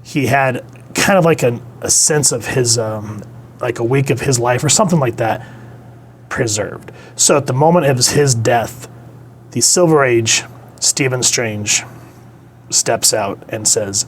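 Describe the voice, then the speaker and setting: A man's voice: mid-range voice, a little slow, slight background noise. A man reviewing comic books in a casual, rambling, conversational way. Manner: rambling, conversational, with many fillers.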